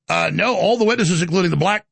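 A man's voice: sits high, fast talker, vocal fry, a bit bright, husky, no room sound. A man hosting a live call-in talk show, ranting about politics in a rambling way with stammering restarts. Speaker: talk show host taking calls.

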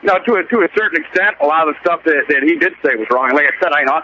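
A man from Michigan calling into a radio show, talking quickly and stumbling over repeated words. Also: on the high side, sharp tone, muffled recording, slight background noise. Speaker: caller. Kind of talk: call-in radio conversation.

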